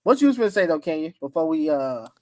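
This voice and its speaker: A man in his thirties hosting a podcast, telling loud, profane, animated stories in casual chat. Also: on the high side, fast, no room sound. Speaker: podcast host.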